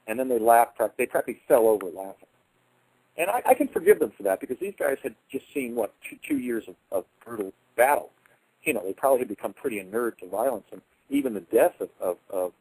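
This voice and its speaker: A man's voice: on the low side, darkish tone, slightly rough, no room sound, poor audio. A man telling a long personal story in a rambling way, often correcting himself mid-sentence and acting out the voices of people he quotes. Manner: restarts and self-corrections, acts out quoted voices. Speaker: speaker recounting personal experiences.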